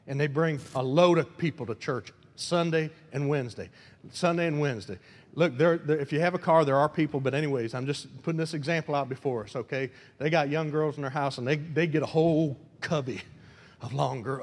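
A man's voice: a little high, long reverb tail. A man preaching a sermon as pastor. He talks fervently and repeats himself, with colloquial asides.

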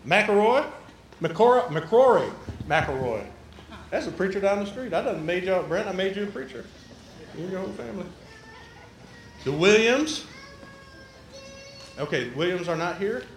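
A man's voice: high-pitched, big pitch swings, normal speed, pauses often, soft background music. A man preaching a sermon, folksy and conversational, with a church's roomy echo. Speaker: pastor. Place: church sanctuary.

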